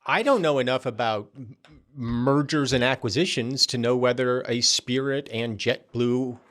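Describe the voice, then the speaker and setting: A man's voice: mid-range voice, measured pace, a bit bright. A man hosting a comedy news podcast, wry and self-deprecating in casual chat. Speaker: host.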